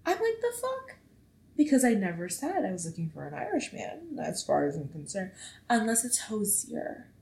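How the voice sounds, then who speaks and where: A woman in her twenties hosting a casual solo podcast, chatty and animated, swearing freely as she tells stories. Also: mid-range voice, normal speed, vocal fry. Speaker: podcast host. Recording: echoey room.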